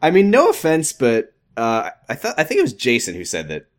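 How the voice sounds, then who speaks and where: A man's voice: mid-range voice, huge pitch swings, brisk. A man co-hosting a casual podcast, recapping a TV show and retelling scenes with blunt, swearing commentary. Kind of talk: casual chat.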